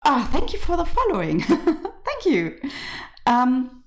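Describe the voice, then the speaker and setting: A woman's voice: sits high, huge pitch swings, takes it slowly. A woman from Germany with a German accent, hosting a casual knitting live stream from her home and chatting with viewers, laughing often. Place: home in rural west Ireland.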